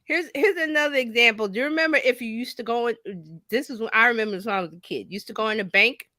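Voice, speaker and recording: A chatty woman coach talks shop in a bright, forceful voice. Her pitch sits a bit high and her delivery is animated. The sound is dry and close. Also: quick pace, no echo. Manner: animated, chatty, laughs often. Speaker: marketing coach. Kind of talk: casual podcast chat.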